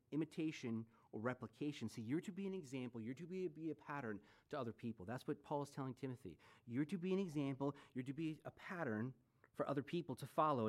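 A man's voice: mid-range voice, darkish tone. A man in his forties preaching a sermon as pastor, conversational, with joking asides and rhetorical questions. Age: 40s.

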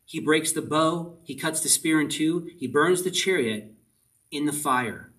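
With a fairly high, fairly bright voice and no rush, a man preaches to his church as pastor. He hammers his point through short commands said over and over, sounding earnest, while the mic picks him up from a bit of a distance.

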